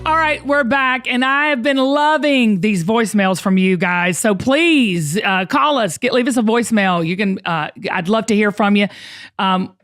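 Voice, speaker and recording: A woman's voice: a little high, moderate pace, a bit bright. A woman host, talking earnestly and encouragingly on her show. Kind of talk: podcast conversation.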